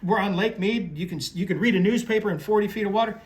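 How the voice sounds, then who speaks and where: A man's voice: sits high, fast talker. A man talking casually about fishing and telling stories as a former guide, rambling with restarts and folksy phrasing. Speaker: fishing guide and tackle presenter. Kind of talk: casual talk on crappie fishing.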